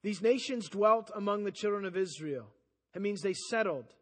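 Male pastor, high voice, lively sermon delivery, acts out voices, loud-to-soft swings. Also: moderate pace, long reverb tail. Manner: animated preaching, swinging between loud emphasis and soft quiet passages; acts out quoted voices and asides.

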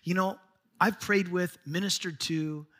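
A middle-aged male pastor delivers a sermon in a high, bright voice. He is earnest and urging, drawing out scripture slowly and lifting his pitch as he presses a point home. The delivery sounds like a live church message. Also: fairly even intonation. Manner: earnest preaching, slows for scripture, rises in pitch when urging.

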